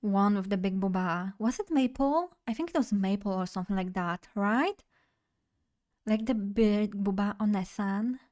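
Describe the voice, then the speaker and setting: A young woman chatting casually on a live stream, playful and loose as she talks straight to her chat. Her voice sits at a middling pitch for a woman, neither high nor low. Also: normal speed, darkish tone.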